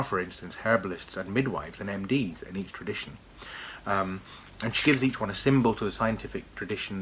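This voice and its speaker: A man's voice: sits low, bright, forceful tone, slight background noise. A man giving an enthusiastic, chatty book review on video, talking with frequent restarts.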